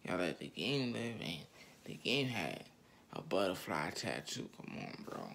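A man's voice: sits low, very animated, unhurried, vocal fry, fairly bright tone, slight background noise. A man ranting in heated, slangy street talk straight at his viewers, repeating his points over and over. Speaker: online commentator.

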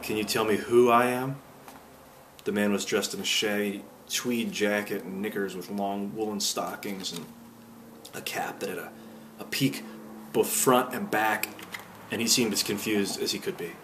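A man narrating a storybook aloud, gentle and unhurried with small slips. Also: on the low side, steady tone, background noise. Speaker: audiobook reader.

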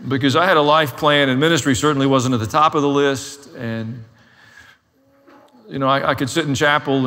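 A man's voice: medium pitch, bright, forceful tone, long reverb tail. A man preaching a sermon as a pastor, telling his own story in a candid, self-deprecating way.

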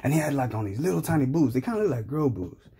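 Gravelly husky guy ranting a dirty story, rambling and slangy. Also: medium pitch, big pitch swings, fast, mellow. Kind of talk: crude comedic storytelling rant.

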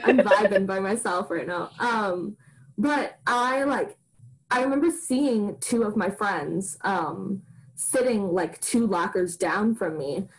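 A woman's voice: mid-range voice, slow, poor audio. A young adult woman, co-hosting a podcast, telling a personal story in a rambling, casual way, with "like" in nearly every phrase. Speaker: podcast co-host. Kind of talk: casual chat.

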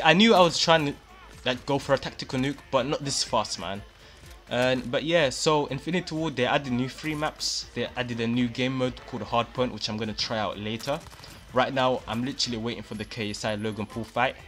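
A man and gaming YouTuber giving excited gameplay commentary, hyped and exclaiming often, voice a bit worn. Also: medium pitch. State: losing his voice a little.

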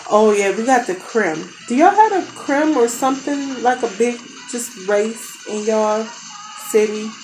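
Her voice a little high yet darkish in tone, an American family vlogger in her thirties tells a rambling, animated story in casual chat, somewhat slowly. She keeps turning aside to her kids amid the noise of her home basement.

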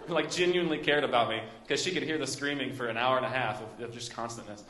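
A man's voice: medium pitch, brisk, pushed and bright. A young man with a Midwestern American accent preaching a sermon, telling a story with many fillers and restarts. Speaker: pastor. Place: church sanctuary. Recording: echoey church room.

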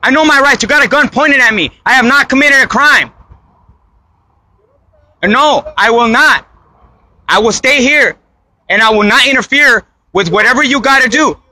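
A frightened man on the verge of tears pleads over and over. His voice sits unusually high and comes out strained and tense, and he breaks into shouting at times. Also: normal speed, long pauses. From United States. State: frightened and crying. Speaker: citizen confronted by police. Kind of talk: pleading confrontation.

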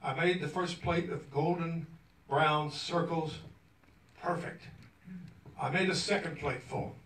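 A guest speaker from Arkansas, USA reads his own story to an audience in a cultural center's event hall, wry and chuckling throughout. His fairly high, slightly bright voice is slow with fairly even intonation, captured by a distant mic in the roomy hall.

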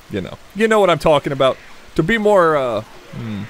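A man's voice: mid-range voice, expressive, brisk, slight background noise. A man hosting a gameplay video, chatting casually, laughing often and muttering at other players.

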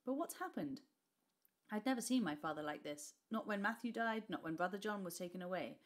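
British female reader, lowish voice, expressive storybook delivery with hushed moments. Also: fast. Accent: British English. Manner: expressive, voices characters, drops to whispers. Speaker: teacher reading a class novel aloud. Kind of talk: storybook read-aloud.

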